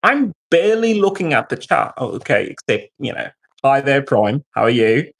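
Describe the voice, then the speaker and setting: A man's voice: medium pitch, moderate pace, creaky. A man who is a military veteran, telling stories and ranting profanely to his live-stream chat. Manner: profane, animated storytelling.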